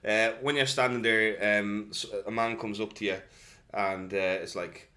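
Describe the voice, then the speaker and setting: A man's voice: fairly low pitch, fairly even intonation, unhurried, pushed and bright. A man narrating a tabletop game as game master, casual and a bit hesitant.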